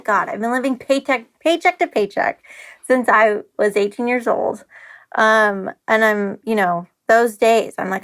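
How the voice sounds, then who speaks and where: A woman's voice: on the high side, a little slow, fairly bright tone. Emotional, candid woman opening up. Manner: emotional and open, lots of "like" and restarts. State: nervous, close to tears. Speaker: guest, company founder. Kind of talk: candid podcast conversation.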